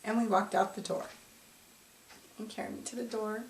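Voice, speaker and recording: A woman telling her own story in an interview, halting and emotional, with frequent restarts. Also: mid-range voice, steady tone. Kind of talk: personal testimony. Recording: roomy, distant mic, faint noise.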